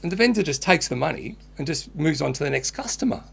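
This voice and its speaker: A middle-aged Australian man with a gravelly, slightly higher voice cohosts a casual podcast. He rambles with lots of restarts and laughs his way through his stories. He fires off joke after joke in easy banter. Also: expressive, fast talker. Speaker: podcast co-host.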